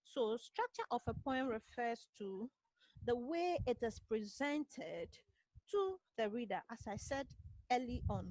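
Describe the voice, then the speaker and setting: Slow, high-voiced Ghanaian woman teacher. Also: dry recording, poor audio. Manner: asks rhetorical "what?" questions and answers them herself; repetitive, drilling key points. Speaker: literature teacher. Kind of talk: online class lecture. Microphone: computer mic on a video call.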